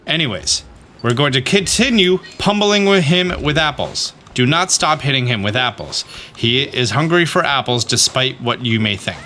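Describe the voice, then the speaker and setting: Bright-voiced man narrating a game walkthrough. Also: medium pitch, lively intonation, moderate pace, a little hiss or hum. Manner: exasperated, talks to the game character; instructive, repeats "okay?". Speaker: gaming guide host.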